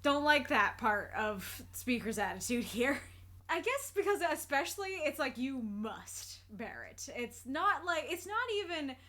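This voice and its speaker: A woman with a high, light voice talks through her reactions in a relaxed, casual way. She is earnest and thoughtful, often breaking into a laugh and circling back to rephrase an idea until it lands. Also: moderate pace. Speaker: reaction video creator. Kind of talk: casual spoken commentary.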